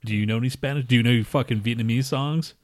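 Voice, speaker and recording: A podcast co-host banters casually and crudely, swearing a lot, laughing and teasing. His mid-range voice races along, recorded in studio quality with no echo.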